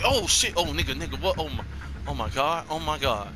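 Excitable man with a bright, lively voice. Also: a little high, fairly quick. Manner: excitable, loud repeated exclamations. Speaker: gaming YouTuber host. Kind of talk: casual gameplay commentary.

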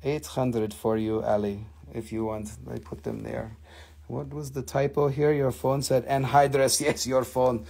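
Gravelly-voiced man selling minerals live. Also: mid-range voice, a little slow, warm tone. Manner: chatty, enthusiastic, answers viewer comments. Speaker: mineral seller hosting a live sale. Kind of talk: casual live-stream sales chat.

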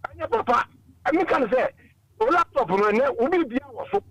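A man's voice: very high-pitched, expressive, a little fast, very noisy. A man calling in to a radio talk show, giving earnest, moralizing opinions. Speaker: caller. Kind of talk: call-in radio chat.

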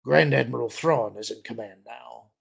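A man's voice: mid-range voice, normal speed, gravelly, slightly rough. A man doing a snarling imperial governor. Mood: hostile. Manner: snarling, growling.

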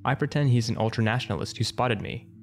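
A man narrates an internet story for laughs, in a brisk, wry, matter-of-fact delivery. His voice sits at a mid pitch, with faint music playing underneath.

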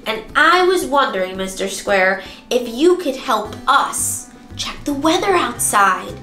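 A woman hosting a toddler circle-time lesson, speaking in an animated sing-song way with gasps and bits of song. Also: fairly high pitch, a little slow. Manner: animated, exaggerated, gasping and singing. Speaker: preschool circle-time teacher. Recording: roomy sound with music behind.

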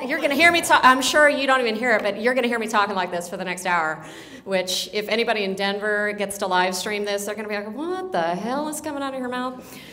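A woman's voice: medium pitch, a bit bright. A woman giving a blunt, joking conference talk to a roomful of people. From Alabama, grew up in Colorado. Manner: brash, blunt and joking, mimics Southern phrases. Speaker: keynote speaker. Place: large meeting room with audience. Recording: echoey hall with long reverb.

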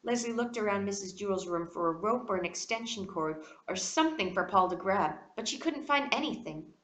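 Animated woman reading a storybook. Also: mid-range voice, a little fast, reverberant. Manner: expressive, animated. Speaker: reader. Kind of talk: storybook read-aloud.

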